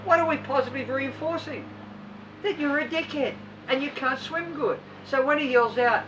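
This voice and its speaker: A woman's voice: high-pitched, a little fast, fairly bright tone. Blunt woman swim coach, distant. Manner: blunt, rhetorical questions, acts out swimmers' voices. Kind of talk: coaching talk to a squad. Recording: distant mic with vehicle noise behind.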